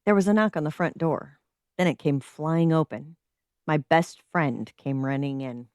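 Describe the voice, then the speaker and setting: A woman's voice: sits low, unhurried, darkish tone, smooth, no echo, clean studio sound. A woman hosting a live-stream podcast, reading a story submission aloud with dramatic flair and stopping to react.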